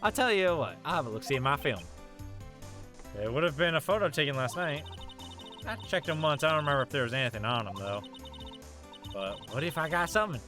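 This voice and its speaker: A man's voice: a little high, expressive, brisk, pauses often, music in the background, natural voice. A man voicing a boisterous young Southern woman photographer in a folksy drawl, reading game dialogue aloud. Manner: folksy drawl, hearty, chatty.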